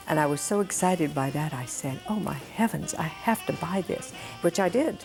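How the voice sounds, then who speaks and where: A woman's voice: deep voice, moderate pace, creaky, few pauses, over music. An older woman reminiscing in an interview, telling stories in a chatty, amused way.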